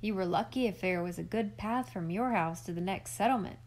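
A woman's voice: medium pitch, a little fast, a little mellow, lightly acted. A woman voicing an eager old farmer uncle with a homespun, rambling way of talking, in an audiobook. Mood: explaining. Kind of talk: audiobook character reading.

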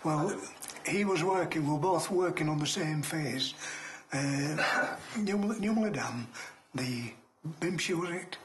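An older man, a retired coal miner, telling a story in casual conversation, lively and full of restarts. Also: fairly high pitch, slow, noisy background.

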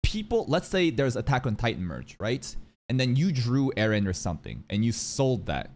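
Animated, blunt man ranting. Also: mid-range voice, normal speed. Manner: blunt, animated, swears freely. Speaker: reaction streamer. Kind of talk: casual profane commentary.

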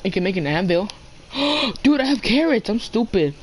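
A man's voice: high-pitched, sing-song, fast talker, slight background noise, rough recording. Chatty teen gamer boy. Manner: playful, chatty, talks to game animals. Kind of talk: casual gameplay chat.

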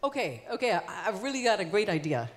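A woman playing an ancient male poet who pitches a scheme in an eager, pushy way, heard live on a concert stage. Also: big pitch swings, quick pace, close to an everyday voice. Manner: eager, pushy salesman talk. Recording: long hall reverb.

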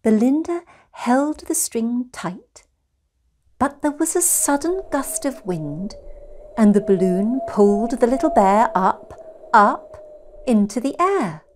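Lady reading a kids' picture book, gentle, kinda high voice, very lively. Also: slight background noise. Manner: slow, gentle and expressive. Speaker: storyteller.

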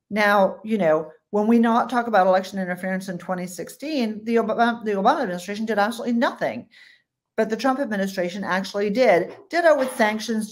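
A woman foreign policy commentator giving blunt, emphatic interview answers with colloquial put-downs. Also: medium pitch.

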